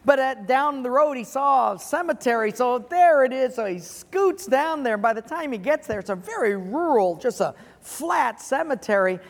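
A man's voice: very high-pitched, lively intonation, moderate pace, few pauses, big-room sound. A man preaching a sermon to a congregation in an auditorium, telling an earnest story and then drawing a lesson from it. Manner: earnest, storytelling, chuckles at his own punchline. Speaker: pastor. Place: large auditorium.

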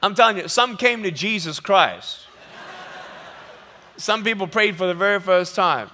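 A man speaking from a stage in a large hall, telling funny stories in an animated sermon. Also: high voice, a little slow, long pauses, slight background noise. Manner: animated, jokey, acts out quotes. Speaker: motivational speaker. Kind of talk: humorous sermon storytelling. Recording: long hall reverb.

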